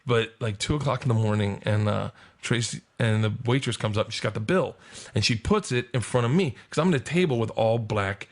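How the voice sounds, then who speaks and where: A male comedian telling an animated, profane anecdote as a podcast guest, laughing and acting out quotes. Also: fairly low pitch, fairly quick.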